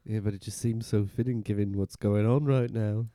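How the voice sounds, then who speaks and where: A man's voice: on the low side, fairly even intonation, moderate pace, warm tone, dry recording, studio quality, lightly acted. A man improvising a goofy adult male rock band member in a comedy podcast, with a playful, earnest delivery. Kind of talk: improvised comedy role-play.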